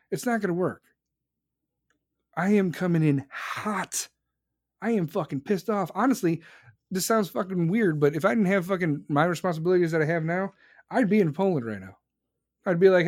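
A young man, his voice a bit higher than most, delivers a heated, profanity-laced rant as a show host. The sound is close and dry, with no room around it. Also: animated, a little fast, a little mellow, no room sound. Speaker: podcast host. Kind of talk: angry political rant.

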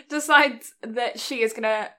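A woman's voice: on the high side, takes it slowly, pushed and bright. A woman co-hosting a podcast, recapping a film in casual chat. She is giggly, rambles and swears freely. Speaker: podcast co-host.

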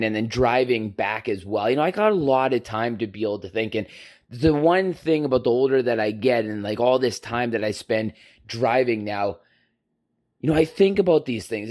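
Guy ranting into the camera, swears a lot, mid pitched, heated and blunt. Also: darkish tone. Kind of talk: profane opinion rant.

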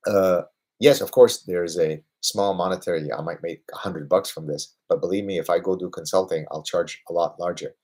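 A man in his fifties with a deep, slightly husky voice, hosting a livestream question-and-answer session. He argues his points emphatically, tagging them with rhetorical questions, and grows lively when he talks about work he loves. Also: normal speed. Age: 50s. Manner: emphatic, with rhetorical "right?" tags; lively, getting excited about his passions. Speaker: host answering viewer questions.

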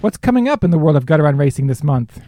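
Co-host: woman, very low and mellow voice, wry jokes, dry close sound. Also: sing-song, fast, soft background music. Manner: wry, joking banter. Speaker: podcast co-host. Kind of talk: casual chat.

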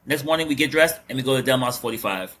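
A man hosting a casual podcast chat, joking and animated, repeating words with lots of fillers. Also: mid-range voice, fast, noisy background. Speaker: host.

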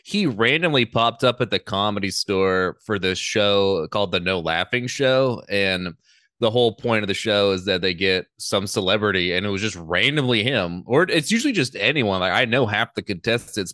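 A man's voice: fairly low pitch, lively intonation, normal speed, bright, forceful tone, no room sound. A man appearing as a comedian guest on a podcast, talking in an easygoing way with dry jokes and frequent chuckles. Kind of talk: casual chat.

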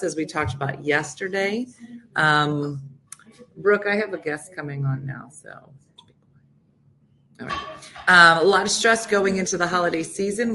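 A woman's voice: low-pitched, fairly bright tone, slight background noise. A middle-aged woman hosting a morning show, chatting casually with jokes and rambling asides. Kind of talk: casual chat.

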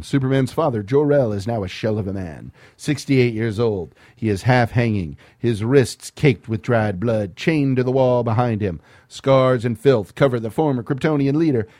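Man, comedic script read-through, wry, lively animated pitch, dry close sound, podcast host. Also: no room sound. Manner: wry, laughs at the material, sarcastic asides. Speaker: podcast host reading a screenplay aloud.

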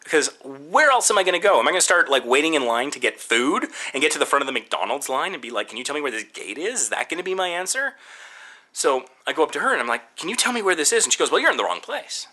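A man casually recounting a frustrating airport layover, animated and exasperated, acting out both sides of his exchanges with staff. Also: a little high, fast talker. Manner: exasperated, animated, quotes himself and others. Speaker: traveler telling a story. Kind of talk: casual storytelling rant.

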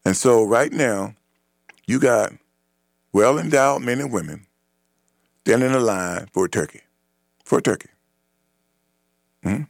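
A man's voice: mid-range voice, animated, a little slow, creaky, long pauses, no room sound, studio quality. A man hosting a radio talk show, delivering an emphatic, repetitive opinion monologue.

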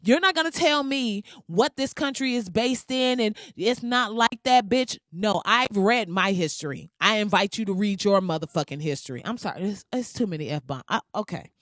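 A woman's voice: mid-range voice, expressive, normal speed, hardly any pauses, a bit bright, no echo, clean studio sound. A woman from the United States delivering a heated, sarcastic, profanity-laden commentary rant to her viewers. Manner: heated, sarcastic, heavy swearing. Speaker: vlogger.

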